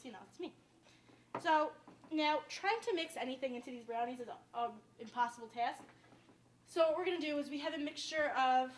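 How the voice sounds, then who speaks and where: Young woman, downstate New York accent, high voice, chatty cooking host, rambling, faint background noise. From Westchester, New York. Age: young adult. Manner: chatty, rambling, says "like" often. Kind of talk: casual cooking demonstration.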